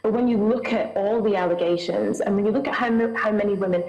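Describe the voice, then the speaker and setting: A woman's voice: mid-range voice, quick pace, darkish tone, roomy sound, low-quality recording. A woman with a Scottish accent, a guest recounting a personal experience in an earnest, vivid way, acting out what people said. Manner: earnest, vivid storytelling with acted-out dialogue.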